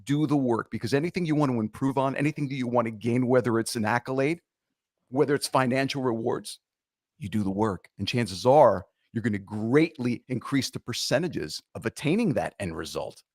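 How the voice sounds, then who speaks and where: Male guest, motivational and punchy, pitch swinging widely, dry close sound. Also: animated, brisk, a little mellow, no room sound. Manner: emphatic, punchy, coaching tone. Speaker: podcast guest. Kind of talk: motivational talk in an interview.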